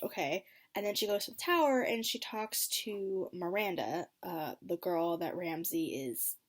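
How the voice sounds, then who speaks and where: A woman at an ordinary mid pitch, chatting through an episode recap in a relaxed, unscripted way. She fills her talk with ums and likes. Her voice jumps up with excitement, then drops to quiet muttered asides. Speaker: TV episode reaction vlogger.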